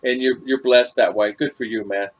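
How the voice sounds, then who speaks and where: A man's voice: mid-range voice, fairly even intonation, moderate pace. A middle-aged man hosting a casual livestream, chatting and greeting viewers in the chat by name. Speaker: vlog host reading live chat.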